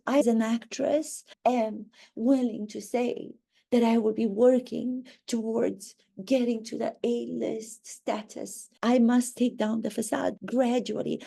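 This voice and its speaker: A woman's voice: on the high side, gravelly, dark tone, breathy edge, heavily acted. Woman doing a melodramatic vain royal wife. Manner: melodramatic, self-absorbed, wheedling. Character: self-pitying woman playing a duchess, vain and theatrical. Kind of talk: satirical impression monologue.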